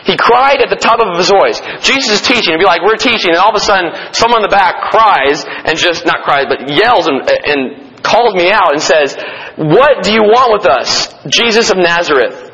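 High-voiced, bright emphatic male preacher. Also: lively intonation, normal speed, few pauses. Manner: emphatic, conversational, addresses the congregation directly. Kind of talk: sermon, Bible teaching. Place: meeting room or church. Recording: dull lo-fi sound with long hall reverb.

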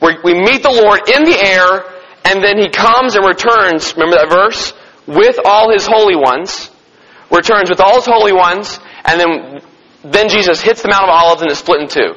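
A man with a high, bright voice teaching scripture to a group. His voice is slightly husky and rings with a long hall reverb. He poses questions to the room and answers them, and he slows down to read verses. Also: highs cut off. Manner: reads scripture slowly and deliberately. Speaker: preacher teaching a Bible study. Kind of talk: Bible teaching.

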